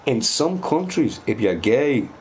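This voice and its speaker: A man's voice: medium pitch, sing-song, a little slow. A man in a casual ranting monologue who swears a lot and keeps asking his listeners "right?". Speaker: vlogger.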